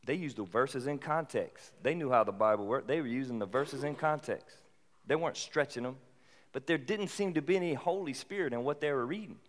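Conversational male pastor in a reverberant hall. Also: mid-range voice. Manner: conversational, rising to animated bursts. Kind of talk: sermon.

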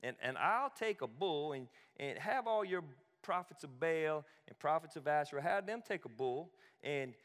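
A man's voice: fairly high pitch, animated, normal speed, fairly bright tone, long reverb tail. A man voicing a cocky, trash-talking adult male prophet with a Southern accent, taunting and swaggering. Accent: American Southern.

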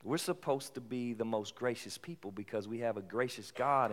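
A man's voice: medium pitch, fairly quick, hardly any pauses. Conversational male pastor in a reverberant hall. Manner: conversational, rising to animated bursts. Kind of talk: sermon.

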